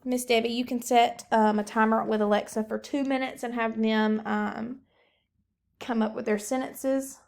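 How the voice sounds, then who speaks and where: A woman teacher giving a recorded phonics lesson, talking slowly and encouragingly to young pupils. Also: fairly high pitch, steady tone, gravelly, darkish tone.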